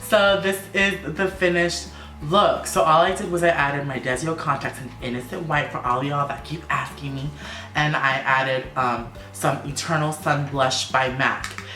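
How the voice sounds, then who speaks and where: Campy, sassy male makeup vlogger, mid-pitched, echoey room. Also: fairly even intonation, moderate pace, bright, forceful tone, soft background music. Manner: sassy, campy, playful asides. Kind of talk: makeup tutorial vlog.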